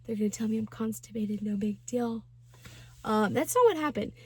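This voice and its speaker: A woman's voice: a little high, normal speed, a little mellow, breathy edge. A young woman in her twenties telling a personal story in a casual vlog, chatty and slangy with lots of fillers. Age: 20s. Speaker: vlogger.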